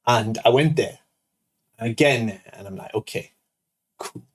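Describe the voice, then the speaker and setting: A man's voice: mid-range voice, a little slow, breathy edge. A man in his thirties, a show host, telling a rambling personal anecdote full of "like" and "right?". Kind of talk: casual storytelling.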